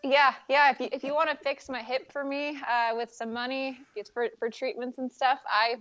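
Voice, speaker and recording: A woman's voice: sits high, little pitch movement, moderate pace, a bit bright, lo-fi sound. A woman guest on a podcast, chatting casually and laughing often. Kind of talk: casual chat.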